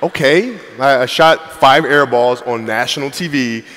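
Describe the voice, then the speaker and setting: A man's voice: mid-range voice, measured pace, a bit bright, in a large hall, slight background noise. A man being interviewed, talking in a laid-back, blunt way with lots of "like" and "you know". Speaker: interview guest. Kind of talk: casual interview chat.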